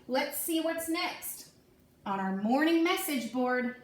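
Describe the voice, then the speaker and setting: A woman's voice: sits high, echoey room. A woman teaching young children a lesson remotely from home, explaining patiently and encouraging them. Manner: slow, patient, encouraging explaining to small kids. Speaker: kindergarten teacher.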